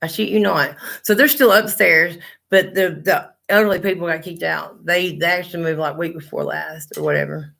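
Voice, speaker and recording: A woman's voice: fairly low pitch, fairly even intonation, normal speed, creaky, a bit bright. A middle-aged woman, chatting on a livestream and telling blunt, profane stories. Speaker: livestream host. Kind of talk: casual chat.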